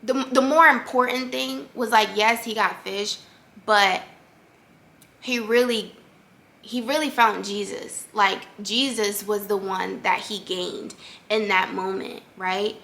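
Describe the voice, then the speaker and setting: A woman's voice: medium pitch, steady tone, takes it slowly, gravelly, bright, forceful tone. A young adult woman hosting a faith podcast, talking in an earnest, conversational way with lots of fillers. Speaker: podcast host. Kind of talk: casual faith-based podcast monologue.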